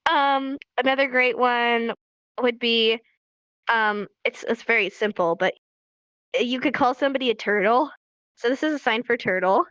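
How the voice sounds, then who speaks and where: A woman's voice: fairly high pitch, fairly bright tone, no echo, highs cut off. A young woman from California teaching sign language on a casual livestream, chatty and laughing often as she acts out examples.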